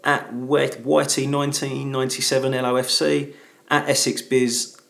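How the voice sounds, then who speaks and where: A man's voice: medium pitch, little pitch movement, moderate pace, gravelly, a bit bright. A man co-hosting a casual football podcast, talking in a chatty, hesitant way with fillers and restarts. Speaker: podcast co-host. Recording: echoey room.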